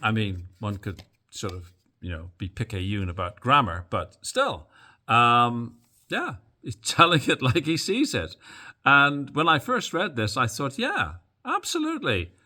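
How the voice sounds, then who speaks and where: A man's voice: medium pitch, very animated, measured pace, sharp tone. A man hosting a boxing news channel, giving casual, opinionated commentary to camera with plenty of fillers and asides.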